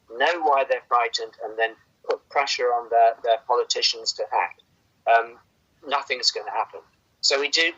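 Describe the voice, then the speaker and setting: Male doctor, earnest and halting, husky edge; dull lo-fi recording. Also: mid-range voice, bright, forceful tone. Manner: earnest, hesitant, repeats words. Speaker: doctor guest on a podcast. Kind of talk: casual conversation.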